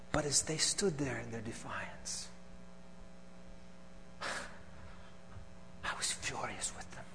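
A man performing a theatrical monologue as a bitter, vengeful temple council elder, moving between loud outbursts and hushed, seething lines. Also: medium pitch, long reverb tail. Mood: indignant, vengeful.

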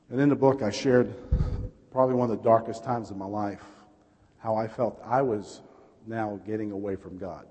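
A man's voice: fairly low pitch, fairly even intonation, brisk, a little mellow, husky. A man with a New York accent preaching a sermon, telling personal stories with passion and calling out to the congregation. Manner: passionate storytelling preacher, calls out "Amen?". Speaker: pastor. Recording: reverberant hall.

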